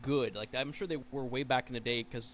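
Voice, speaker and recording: A man co-hosting a wrestling podcast, chatty and quick to laugh, with lots of "like". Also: medium pitch, fairly even intonation, a bit bright, a little hiss or hum. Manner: chatty, laughs often, filler-heavy. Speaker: podcast co-host. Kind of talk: casual wrestling podcast chat.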